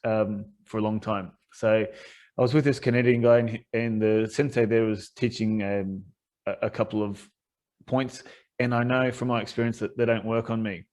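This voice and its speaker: A man's voice: fairly low pitch, level tone, normal speed, a little mellow. A man hosting a podcast, telling stories in a casual, rambling way and laughing often. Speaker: podcast host. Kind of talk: casual chat.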